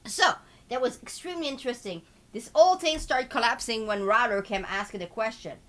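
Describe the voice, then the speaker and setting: A woman from Canada with a Quebec French accent, hosting a live market commentary in an excitable way and peppering her talk with filler tags. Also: fairly high pitch, fairly quick. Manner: excitable, switches between French and English, full of filler tags. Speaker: host.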